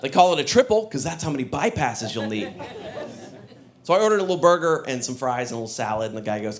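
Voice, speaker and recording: A man performing a stand-up comedy set with a punchy, animated delivery, often slipping into character voices. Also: mid-range voice, fast talker, crowd noise. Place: comedy stage before a laughing audience.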